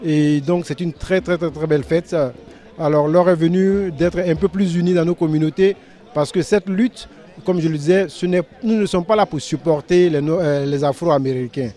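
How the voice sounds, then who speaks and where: A man from the Ivory Coast giving a hesitant interview at an outdoor rally, pausing often with filler sounds. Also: on the high side, dark tone. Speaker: community representative interviewed.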